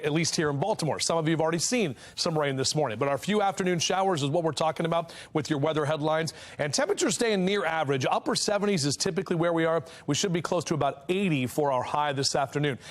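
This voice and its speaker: A man giving a live TV weather forecast in a studio, chatty and joking with co-anchors. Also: on the high side. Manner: chatty, jokey and upbeat. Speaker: TV meteorologist.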